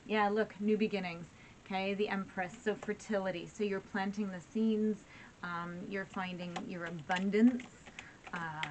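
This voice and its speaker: A woman's voice: mid-range voice, noisy background. A woman giving a casual tarot reading to her viewers, encouraging and frequently asking "right?" and "okay?". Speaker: tarot reader.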